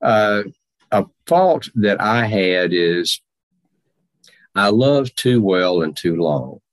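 Male reenactor as a formal old general-president; deep voice, slow measured delivery, dry close sound. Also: very animated, no room sound, heavily acted. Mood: earnest. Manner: slow, deliberate, formal nineteenth-century phrasing. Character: aging Civil War general and president, dignified, measured. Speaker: historical reenactor in character. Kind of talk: first-person historical portrayal.

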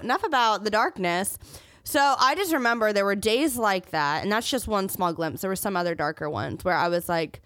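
A woman's voice: medium pitch, normal speed, a bit bright, no room sound, studio quality. A young woman sharing a personal story on her podcast, candid and emotional, near tears at times, with joking asides. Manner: joking asides between serious parts. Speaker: podcast host.

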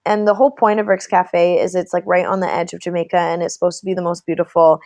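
A woman's voice: on the low side, level tone, quick pace, darkish tone, no echo. A young woman telling stories in casual chat and quoting people in voices. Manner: chatty storyteller who quotes people in voices.

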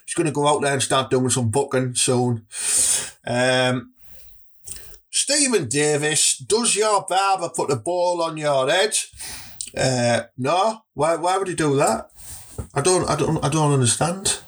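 Husky, crude Teesside comedian. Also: male voice, fairly high pitch, expressive, a little slow. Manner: crude, rambling, jokey. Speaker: comedy vlogger. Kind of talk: casual comic Q&A.

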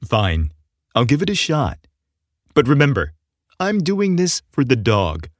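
A man's voice: medium pitch, wildly swooping pitch, measured pace, no room sound, clean studio sound, voice pushed up. A man voicing a shy, good-natured young gay man in an audio story. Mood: reluctant.

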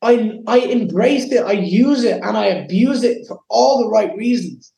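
A man's voice: sits high, lively intonation, moderate pace, gravelly, mellow, echoey room, low-quality recording. A young Irish man giving an interview, talking with intense emotion and swearing freely. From Ireland. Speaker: guest fighter. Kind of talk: casual interview.

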